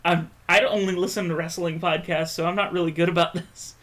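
A man co-hosting a podcast in loose, casual chat. His voice sits high and sounds bright and forceful. He jokes and teases his partner as they trade banter. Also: fairly even intonation, fairly quick. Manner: joking, teasing banter. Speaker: podcast co-host.

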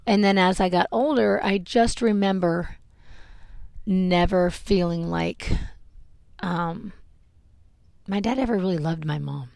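A woman hosting a podcast, telling a painful personal story in a halting, emotional way with many fillers. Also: fairly low pitch, vocal fry, a little mellow, no echo. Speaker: podcast host telling her life story.

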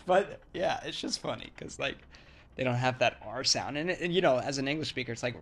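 A man's voice: mid-range voice, normal speed, fairly bright tone. A man casually explaining language sounds in a rambling way, full of "like"s, restarts and demonstrations. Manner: rambling, filler-heavy, with many "like"s and restarts; acts out word sounds to demonstrate. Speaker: English-speaking foreigner explaining Thai sounds. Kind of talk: casual chat.

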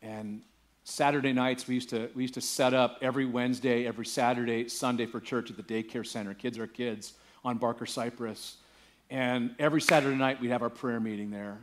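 A man's voice: medium pitch, fairly even intonation, brisk. A male pastor preaching a sermon, telling a story casually and building to emphatic preaching. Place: church.

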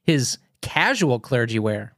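A woman co-hosts a podcast, riffing playfully in unhurried chat. Her voice swoops widely, and the sound is dry and close. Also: very deep voice, sing-song, fairly bright tone, no echo. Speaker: podcast co-host. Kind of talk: casual chat.

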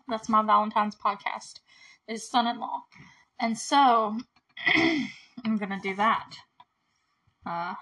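A woman's voice: medium pitch, sharp tone, low-quality recording. A woman hosting a podcast, recapping a TV episode in casual chat and laughing often as she retells the scenes. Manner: giggly, chatty, retells scenes with quick quotes. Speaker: podcast host.

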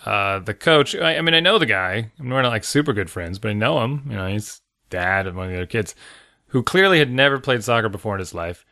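Gravelly man with a lively pitch. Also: brisk, dry recording, clean studio sound. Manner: wry, rambling, joking. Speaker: youth soccer coach. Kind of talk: casual chat.

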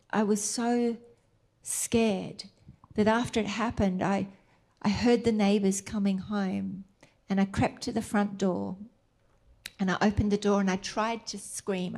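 A middle-aged woman preaching a sermon, tender and emphatic, slipping into soft whispered asides. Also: mid-range voice.

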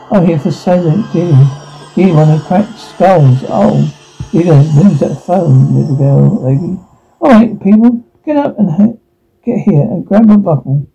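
A man's voice: fairly high pitch, gravelly, mellow. A man reading all parts of a teen drama scene aloud, speaking the sound cues between the lines, on a dull lo-fi recording.

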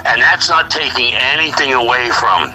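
A middle-aged male musician talking casually in an interview, animated and blunt, acting out what others said. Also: medium pitch, normal speed, poor audio. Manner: animated storyteller, acts out quotes, swears freely. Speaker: musician guest.

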